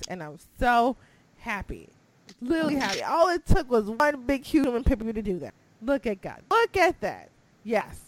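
Young woman, casual wrestling chat, excitable, laughs a lot, pitch jumps all over. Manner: excitable, laughing, swings from mumbling to squealing. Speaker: podcast co-host.

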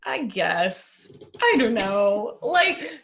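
A young woman in casual podcast chat, giving frank and expressive opinions. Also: fairly high pitch, extremely slow, vocal fry, crowd noise.

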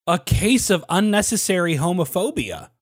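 This is a man co-hosting a casual podcast chat. His voice sits a bit high and moves all over the place. He swears without a second thought, and the sound is dry and close. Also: very animated, moderate pace, no room sound. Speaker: podcast co-host.

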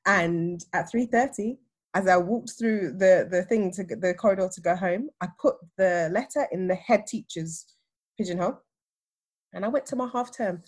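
A woman, telling a personal story in a casual chat with lively, acted-out retellings. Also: on the low side, measured pace. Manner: animated, acts out others' lines. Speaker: podcast guest, teacher.

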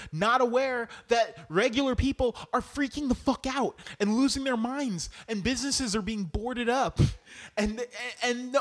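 A young man co-hosting a podcast, ranting about politics in a profane, mocking way and slipping into quick impressions. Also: very high voice, fairly bright tone. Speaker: podcast co-host. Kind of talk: casual political rant.

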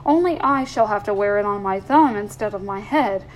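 A woman's voice: mid-range voice, moderate pace, a little hiss or hum, natural voice, rough recording. A woman voicing a young man who jokes in a dry, mock-grave way. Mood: wry.

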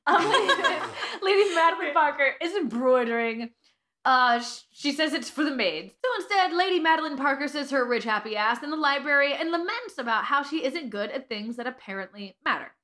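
In a casual comedic chat, a woman co-host talks with a high, bright voice that swoops up and down. She jokes crudely and giggles between lines. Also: expressive, fairly quick. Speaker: podcast co-host reading a book aloud.

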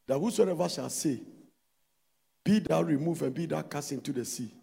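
A man preaching a sermon, emphatic and loud, switching between shouts and soft asides. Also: on the high side, moderate pace, creaky, slightly rough, big-room sound.

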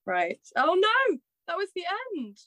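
A woman's voice: very high-pitched, wildly swooping pitch, unhurried, pushed and bright, no room sound. A young woman co-hosting a podcast, reading quotes aloud with giggles and stumbles in casual chat.

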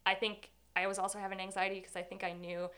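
A woman's voice: medium pitch, level tone, fast talker, a bit bright, a little hiss or hum. A young woman telling a personal story in an interview, candid and rambling, full of fillers.

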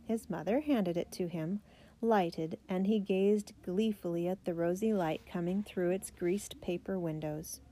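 A woman narrating a children's biography aloud, steady and gentle. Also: on the low side, unhurried.

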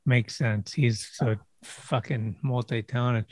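A man's voice: medium pitch, fairly even intonation, slow pace, a little mellow, no room sound, studio quality. A man interviewing a guest, reacting briefly and asking eager clarifying questions. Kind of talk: casual interview.

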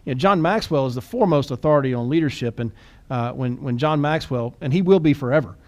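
Chatty, quick-talking male podcast host. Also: medium pitch. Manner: chatty, restarts and repeats words; animated and quick. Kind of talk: casual podcast chat.

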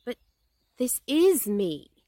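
A woman's voice: on the high side, very animated, measured pace, dark tone, no room sound, pitched above the performer's own voice, exaggerated voice. A woman voicing a friendly, hungry, simple-minded male bear in a storybook reading, earnest and polite. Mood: eager.

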